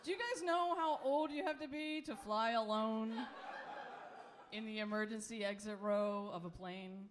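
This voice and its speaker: A woman's voice: a little high, moderate pace, background noise. A woman in her late thirties with a Philadelphia accent doing a live stand-up set, chatty and self-deprecating, laughing through her lines. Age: late 30s. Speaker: stand-up comedian. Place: comedy club stage.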